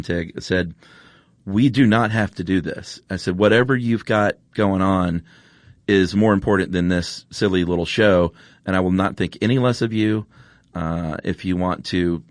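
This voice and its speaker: A man's voice: sits low, dry recording, clean studio sound. A man, hosting a podcast and telling a story casually, with many fillers and restarts. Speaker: podcast host. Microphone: studio microphone.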